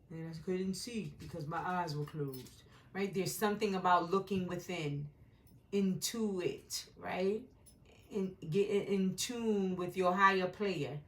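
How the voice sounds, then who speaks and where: Working from home with a dog nearby, a tarot reader gives a meandering, intuitive reading and keeps tacking "right?" onto her sentences. Her voice is on the low side, with a little hiss or hum in the audio.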